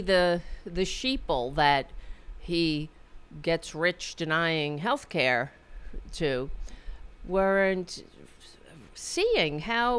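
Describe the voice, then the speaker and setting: A woman's voice: low voice, a bit bright, smooth. A woman hosting a political podcast, rambling through sarcastic commentary with many restarts. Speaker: podcast host.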